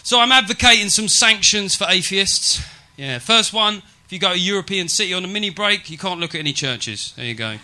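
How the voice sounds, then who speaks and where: A man's voice: high-pitched, animated, brisk, hardly any pauses, bright, forceful tone. Brash man doing stand-up. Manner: brash, swearing, mock-serious. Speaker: stand-up comedian. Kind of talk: stand-up set. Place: comedy venue.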